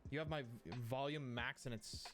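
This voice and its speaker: A man's voice: medium pitch, fairly even intonation, a little fast, over music. A man streaming live in casual chat, thinking aloud as he works, swearing offhandedly and apologizing often, into a streaming mic. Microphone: streaming mic through an audio mixer.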